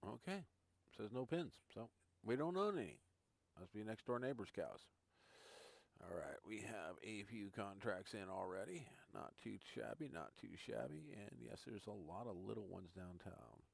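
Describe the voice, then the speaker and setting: While showing off a farming game on stream, a gaming streamer chats loosely with his audience and voices his thoughts as they come. He talks at a moderate pace in a fairly low, expressive voice with vocal fry, and there's no echo.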